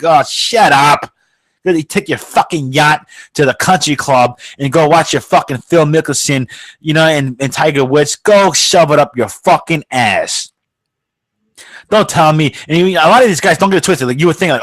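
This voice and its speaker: An outraged man rants on his own podcast, swearing hard and heating up fast. His voice sits fairly high for a man and is recorded close and dry, with no room sound. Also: animated, a bit bright, no room sound. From United States. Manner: profane, heated and outraged. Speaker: podcast host. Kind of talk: ranting podcast monologue.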